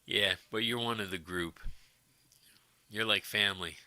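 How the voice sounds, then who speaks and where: A man's voice: lowish voice, a little slow, pushed and bright, dry recording. A middle-aged man hosting a livestream, chatting casually with his viewers and rambling as he answers their comments. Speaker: livestream host.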